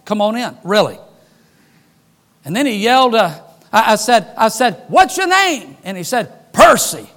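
A man preaching a sermon, an animated storyteller who jokes and acts out the dialogue in his stories. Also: high voice, moderate pace, long pauses.

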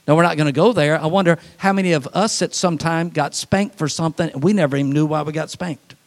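A man preaching a sermon, telling folksy, humorous stories and laughing at them, swinging from animated to quiet and soft for emphasis. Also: fairly high pitch. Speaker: pastor.

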